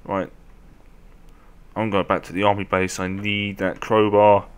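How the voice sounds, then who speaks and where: A young man commentating a game as he plays, often shouting at zombies. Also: lowish voice, a little slow, clear, resonant tone. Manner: animated, often yelling at zombies. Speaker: gameplay commentator. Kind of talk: let's play commentary.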